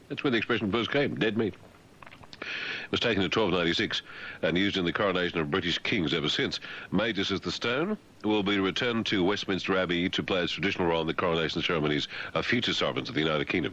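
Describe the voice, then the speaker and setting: Male radio host, wry sarcastic news commentary, deep voice, bright forward tone, dull lo-fi radio sound. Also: animated, fast talker.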